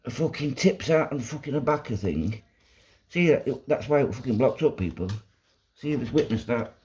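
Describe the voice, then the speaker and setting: A man filming a do-it-yourself vlog while fixing a washing machine, excitable and swearing constantly. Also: medium pitch, moderate pace. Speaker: vlogger. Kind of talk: casual DIY vlog.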